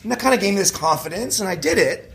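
A young man telling a story in casual chat, animated and swearing, with lots of filler words. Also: high-pitched, fast. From Canada. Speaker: actor telling his story.

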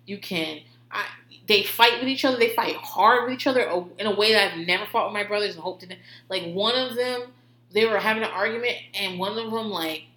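A woman's voice: mid-range voice, brisk, pushed and bright. A woman telling rambling, profane stories in a casual way, laughing often. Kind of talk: casual storytelling. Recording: roomy echo.

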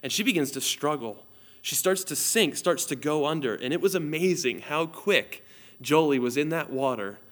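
A man's voice: fairly high pitch, expressive, moderate pace, a bit bright. A man in his thirties preaches a sermon recorded for online viewers. He tells stories earnestly and reads scripture aloud, and his voice sits slightly above the usual male range. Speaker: pastor.

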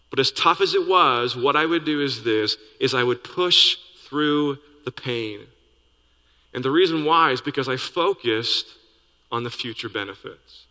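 A man's voice: on the high side, moderate pace, bright, forceful tone. Earnest man preaching in an echoing church. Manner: earnest, conversational preaching with folksy asides. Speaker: pastor. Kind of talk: sermon. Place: church sanctuary.

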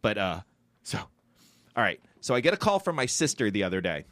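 A man co-hosting a casual podcast, telling a story in a rambling, animated way and acting out the voices of the people in it. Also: lowish voice, moderate pace, dry recording. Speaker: podcast co-host.

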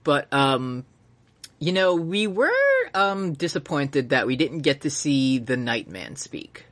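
A man's voice: medium pitch, expressive, slow pace, fairly bright tone. A man co-hosting a casual podcast, rambling playfully through an episode recap with silly asides. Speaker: podcast co-host. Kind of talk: casual anime recap chat.

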